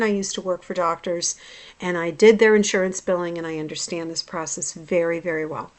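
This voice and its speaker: A woman in her forties tells her own story straight to the camera, blunt and full of swearing. She drops into low, grumbling asides, then flares up loud when something sets her off. Her voice sits in an ordinary middle register. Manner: blunt and profane, swinging between low muttering and loud outbursts. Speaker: hypnotherapist. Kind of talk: personal vlog storytelling.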